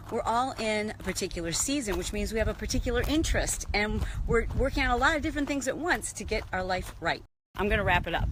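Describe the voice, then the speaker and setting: A woman hosting a casual motivational vlog, talking to viewers in an energetic, emphatic coaching manner. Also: mid-range voice, noisy background. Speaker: vlog host and business coach.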